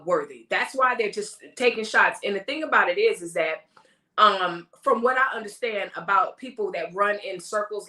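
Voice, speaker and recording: An animated woman chats with her viewers on a casual live stream, mimicking the people she talks about. Her voice is bright and forward. It echoes in a home room. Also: mid-range voice. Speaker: host of a live talk stream.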